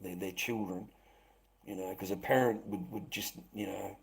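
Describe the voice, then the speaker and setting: A man hosting a live stream, rambling and swearing, who swings between loud outbursts and low muttering. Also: fairly even intonation, normal speed, gravelly, rough recording. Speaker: livestream host.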